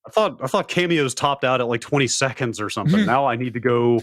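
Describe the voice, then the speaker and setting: A man hosting a live stream, chatting casually and thinking out loud. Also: medium pitch, lively intonation, quick pace, no room sound, clean studio sound. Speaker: stream host. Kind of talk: casual chat.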